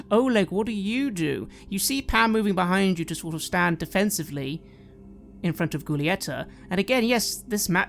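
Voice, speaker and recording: A woman's voice: on the low side, vocal fry. A woman narrating a tabletop game as game master, describing scenes and asking players what they do. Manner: descriptive, occasionally hesitant.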